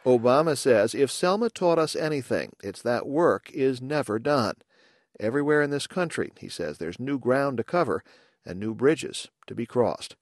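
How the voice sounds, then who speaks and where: A man filing a scripted radio news report in an even, measured newsreader delivery. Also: mid-range voice, dry recording, clean studio sound.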